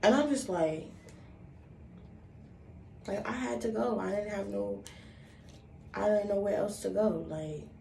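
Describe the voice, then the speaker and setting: A young woman in her twenties telling an embarrassing story in a casual, animated, profane way, acting out what people said. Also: medium pitch, takes it slowly, gravelly, pauses often. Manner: animated, profane, acts out quotes. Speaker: vlogger. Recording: roomy, distant mic, faint background noise.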